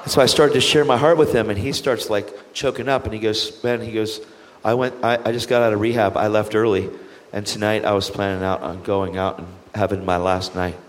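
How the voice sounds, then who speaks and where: In a large hall, a guest evangelist with a lowish voice recounts his testimony at a fairly quick clip. He tells it with animation, performing the voices of those he quotes.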